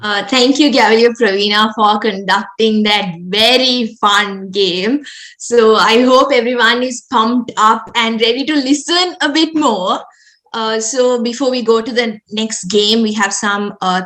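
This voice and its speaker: A young woman on a video call explaining presentation slides to new members in a steady, explanatory way. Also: a little high, unhurried, echoey room, rough recording. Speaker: club presenter at orientation.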